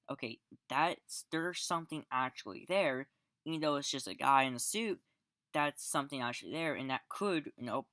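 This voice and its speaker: Male reviewer, casual and rambling, mid-pitched, exasperated asides, dead-dry sound. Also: pushed and bright, dry recording. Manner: rambling, frequent restarts and fillers. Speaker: movie reviewer. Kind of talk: casual spoken film review.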